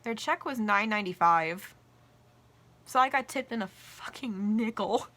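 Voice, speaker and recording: A young adult woman vlogger casually telling work stories in an animated way, swearing freely. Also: medium pitch, measured pace. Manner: animated, acts out quoted voices, swears casually. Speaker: vlogger and restaurant worker. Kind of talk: casual storytelling.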